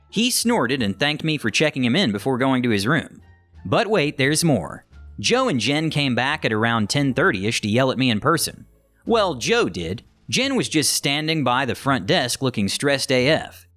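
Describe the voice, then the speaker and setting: A man reading online stories aloud as scripted narration, animated and acting out the quoted lines. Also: medium pitch, moderate pace, soft background music. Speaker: story narrator.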